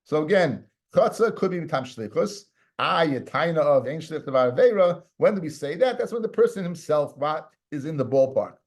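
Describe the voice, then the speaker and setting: A man's voice: on the high side, expressive, brisk. A man, a rabbi, teaching a Talmud lesson in a conversational way, often repeating words and mixing in Hebrew and Aramaic terms.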